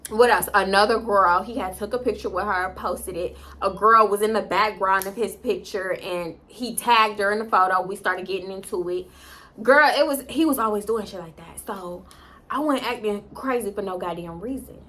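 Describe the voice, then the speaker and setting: A young woman telling a storytime to camera in casual chat, animated and jumping into loud high-pitched quotes. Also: normal speed. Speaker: storytime vlogger.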